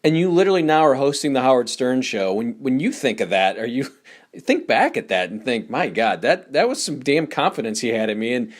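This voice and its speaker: A man's voice: medium pitch, sing-song, brisk. A man hosting an interview, asking casual, probing questions. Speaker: interviewer, channel host.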